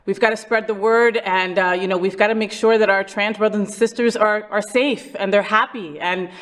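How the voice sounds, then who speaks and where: A woman hosting a talk show, talking in a casual, animated and playful way with lots of emphasis. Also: mid-range voice, brisk. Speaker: host.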